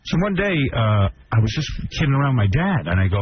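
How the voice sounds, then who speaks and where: A man hosting a radio show, telling animated stories in casual studio chat and mimicking his parents. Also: mid-range voice, fast talker, highs cut off, a crowd in the background.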